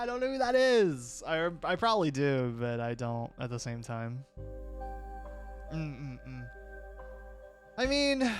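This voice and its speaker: A young man streaming and chatting casually with his viewers, opinionated and rambling, often restarting his sentences. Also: fairly high pitch.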